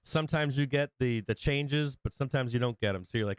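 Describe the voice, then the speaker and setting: A man's voice: mid-range voice, brisk, smooth, no room sound. A man hosting a trading livestream, rambling and swearing often as he acts out quoted exchanges. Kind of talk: casual profane chat.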